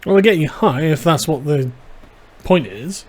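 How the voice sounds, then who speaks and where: Male livestream host with a slightly high voice, dry and sarcastic, reading out chat. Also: animated, a little slow, a little mellow, breathy edge. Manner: wry, sarcastic, dry asides.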